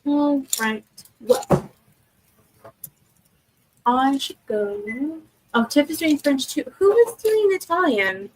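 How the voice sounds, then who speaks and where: Speaking slowly and expressively in a high voice, with frequent pauses, a young woman streams live from her desk at home over a low-quality recording. She chats casually with viewers in the live chat, meandering with many fillers and restarts.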